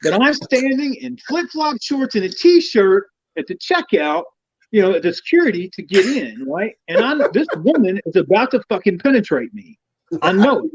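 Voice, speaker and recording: A man's voice: high-pitched, very animated, normal speed, breathy edge. A man telling a comic story as a guest, swearing freely and playful. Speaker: guest knight. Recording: dull lo-fi dry sound.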